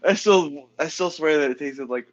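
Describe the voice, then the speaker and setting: A man's voice: fairly high pitch, normal speed, highs cut off. A man co-hosting a podcast, chiming in with amused remarks. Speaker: podcast co-host. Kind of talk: casual chat.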